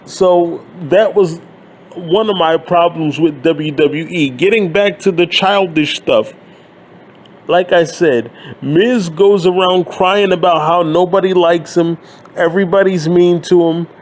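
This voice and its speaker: A man's voice: high voice, unhurried. A man in his thirties ranting bluntly and sarcastically, swearing freely as he gives his opinions. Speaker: wrestling commentary YouTuber. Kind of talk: profane ranting monologue.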